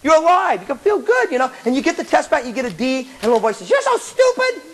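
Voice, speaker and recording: A man giving a jokey motivational seminar talk to students, animated and calling listeners "man". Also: very high voice, rapid-fire, low-quality recording. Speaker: motivational speaker. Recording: old tape with loud crowd laughter and hiss.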